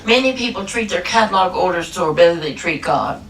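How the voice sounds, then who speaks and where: A woman preaching a lively, humorous sermon, stretching out her key phrases for emphasis. Her voice rings through a roomy church hall and is picked up from a distance, with a faint hum of ambience behind it. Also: lowish voice, a little fast. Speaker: guest minister.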